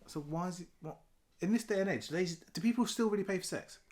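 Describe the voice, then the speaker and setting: A man, a podcast co-host who reads listener questions in a relaxed, casual chat. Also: high-pitched, fast.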